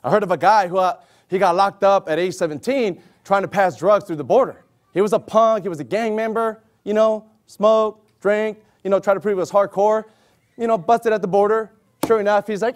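A man preaching an animated sermon, exclaiming loudly and acting out the voices of the people in his stories. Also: high voice, brisk. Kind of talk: animated sermon with acted-out scenes.

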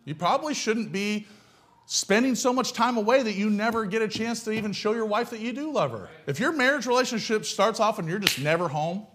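High-voiced blunt preaching man. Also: lively intonation, fairly quick, fairly bright tone, a little hiss or hum. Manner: emphatic, with rhetorical questions; folksy and blunt. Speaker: pastor. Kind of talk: sermon.

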